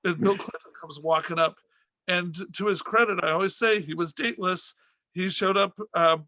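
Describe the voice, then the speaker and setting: A man's voice: fairly high pitch, pushed and bright, no echo. A middle-aged man hosting a podcast, telling rambling comic anecdotes with restarts and acted-out quotes. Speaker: podcast host and stand-up comic. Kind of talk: casual comic storytelling.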